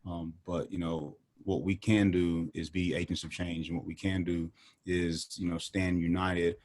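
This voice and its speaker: A man in a casual discussion, speaking in an earnest, measured way with many fillers. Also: deep voice, flat delivery, darkish tone.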